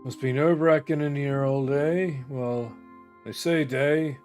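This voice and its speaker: A man's voice: medium pitch, fairly even intonation, measured pace, a little mellow, faint music behind, lightly acted. An actor playing a weathered, chatty male sailor in a video game, easygoing and full of slang. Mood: idle, chatty. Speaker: ship's crewman.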